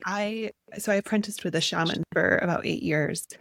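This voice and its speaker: A woman's voice: on the low side, moderate pace, gravelly, a bit bright, no room sound. Earnest woman guest in conversation. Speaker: podcast guest. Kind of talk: casual interview chat.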